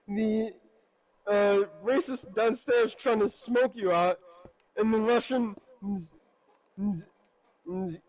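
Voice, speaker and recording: A man putting on the voice of a fed-up ordinary neighbor, yelling in exasperation at the people around him. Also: very high-pitched, dull audio, voice pushed up.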